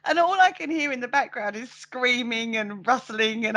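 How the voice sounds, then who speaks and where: A woman's voice: on the high side, expressive, normal speed, heavy background noise. A woman, a paranormal investigator, chatting as a podcast guest in a bubbly, eager way. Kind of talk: casual podcast chat.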